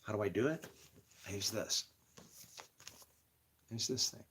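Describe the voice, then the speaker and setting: A man's voice: on the low side, slow pace, slight background noise. Rambling, emotional older man streaming live. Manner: rambling, emotional, laughs often, swings from loud to quiet. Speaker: livestream host. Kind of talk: casual rambling livestream talk.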